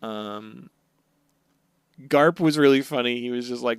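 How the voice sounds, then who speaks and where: A young man on a casual podcast, talking through a story with lively energy and breaking into squeaky character voices now and then. His voice is smooth and resonant, with a dry, close sound and no room around it. The pitch sits in an ordinary middle range for a man. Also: measured pace, no room sound. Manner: animated recapper who acts out characters in high silly voices. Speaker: podcast co-host.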